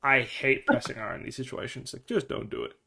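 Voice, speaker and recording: A man's voice: medium pitch, steady tone, a little fast, vocal fry, pushed and bright, slightly rough. A man coaching a player through a game review in casual talk, blunt and swearing a lot, acting out little scenes.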